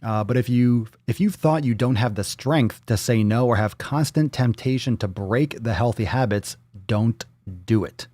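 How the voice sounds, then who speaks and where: A man hosting a fitness livestream. He talks casually, reacting to viewer posts with loud jokes, swearing and pep-talk coaching. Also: mid-range voice, moderate pace, no room sound, clean studio sound. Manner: loud, profane, joking, coaching.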